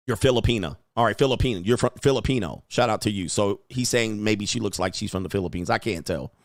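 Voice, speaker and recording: A man hosting a livestream, talking bluntly and crudely in a lecturing way and acting out quoted women in a higher voice. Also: quick pace, few pauses, no room sound, clean studio sound. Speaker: host. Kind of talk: livestream commentary.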